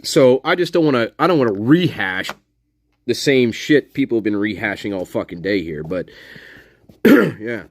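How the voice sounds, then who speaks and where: Swearing, lively-voiced man ranting. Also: on the low side, normal speed, a little hiss or hum. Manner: heavy swearing, repeats himself for emphasis; sarcastic, mocks others in put-on voices. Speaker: true-crime commentator. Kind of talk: angry, profane live commentary.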